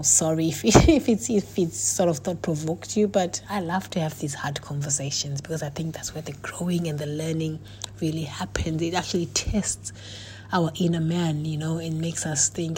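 A woman's voice: deep voice, moderate pace, a little mellow, slight background noise. A middle-aged woman, a coach and author, talking earnestly to her viewers in a casual monologue, with many fillers and restarts.

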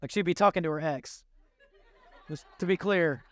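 A man preaching a sermon, animated and self-deprecating, trailing off into rambling asides. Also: fairly high pitch, normal speed, no room sound. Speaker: pastor.

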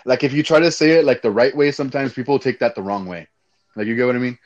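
A man's voice: mid-range voice, fast, highs cut off. Young man from Texas, Mexican-American accent, loose rambling podcast chatter, casual swearing. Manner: rambling, laid-back, swears freely, says dude a lot. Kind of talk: casual chat.

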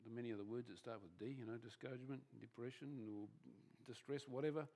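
A pastor preaches a conversational sermon fast, in a mid-range voice with a steady tone. He often restarts phrases and trails off softer at the end of thoughts.

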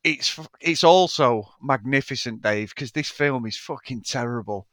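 Male podcast co-host, bright and animated, swears freely, dry close mic. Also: mid-range voice, moderate pace, dry recording. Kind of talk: casual film review chat.

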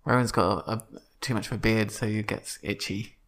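A man's voice: on the low side, a little fast, a bit bright. A man hosting a comedy podcast in casual, playful chat, laughing often. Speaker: podcast host.

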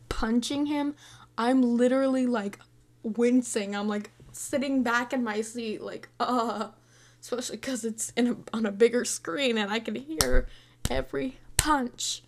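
A woman of about eighteen chatting casually about a movie, scattered and excitable, rambling from thought to thought. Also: a little high, unhurried. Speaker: movie reviewer. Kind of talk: casual chat.

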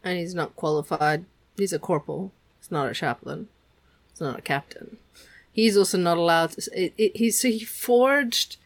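A woman co-host talks casually about a novel they just read. Her voice sits on the low side for a woman. She sounds reflective and plain-spoken. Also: moderate pace. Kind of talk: casual book discussion.

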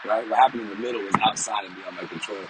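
A man's voice: on the low side, racing. A middle-aged man and vlogger talking casually to his viewers in a rambling, conversational way. He often repeats himself and keeps checking in with "you know?". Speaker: vlogger and sales professional. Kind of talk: casual monologue to camera. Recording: steady background noise.

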